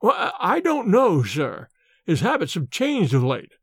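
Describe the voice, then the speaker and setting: A man's voice: high voice, wildly swooping pitch, measured pace, slightly rough, no room sound, clean studio sound, exaggerated voice. A man voicing a little wrinkled old manservant who is fretful and gossipy, talking with rustic grammar and nervous deference. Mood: anxious, confiding.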